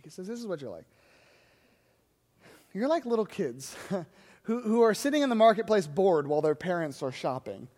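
A man's voice: fairly high pitch, very animated, a little fast, pauses often, darkish tone, long reverb tail. A man preaching a sermon as a pastor, telling the story in a conversational way and acting out the voices of the people he quotes.

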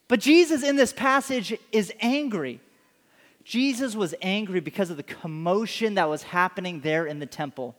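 A man preaching a sermon, telling stories in an animated way and acting out the scenes. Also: high voice, moderate pace, in a large hall. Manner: animated storytelling, acts out scenes. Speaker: pastor.

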